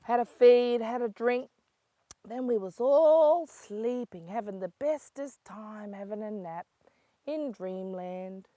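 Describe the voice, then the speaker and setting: An older woman from South Australia with an Aboriginal Australian English accent, telling a story for children in a lively voice that moves from hushed to excited. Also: medium pitch, no room sound. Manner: lively, swings between hushed and excited calls.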